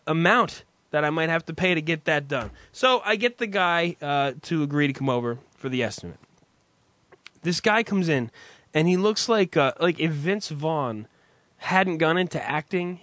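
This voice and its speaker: A man casually telling a profane, animated story on a podcast. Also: fairly high pitch, dry recording. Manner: profane, animated, self-mocking.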